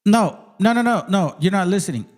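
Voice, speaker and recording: A man's voice: high voice, animated, brisk. A man hosting a heated livestream argument, combative and profane, reading passages aloud between retorts. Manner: claims he talks like this without getting mad. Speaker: channel host.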